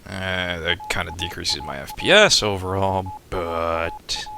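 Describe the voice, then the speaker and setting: A man's voice: sits low, wildly swooping pitch, slow pace, creaky, sharp tone, a little hiss or hum. A man live-streaming a flight sim, talking to chat and coaching himself as he plays. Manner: talks to chat, self-coaching, laughs often. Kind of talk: casual live-stream commentary.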